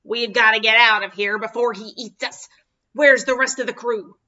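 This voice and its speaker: A tiny gingerbread pirate captain, brave and bossy, shouting high, bright orders at his crew, as a woman reading a storybook puts him on. The sound is a bit dull and lo-fi. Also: moderate pace. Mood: urgent commands. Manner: excitable, loud commands.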